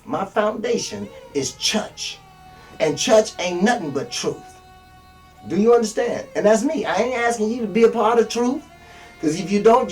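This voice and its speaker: An older man with a high-sitting, slightly mellow voice preaches a blunt, profane street sermon as a self-styled minister, speaking from long experience. The mic is distant, and faint music plays underneath.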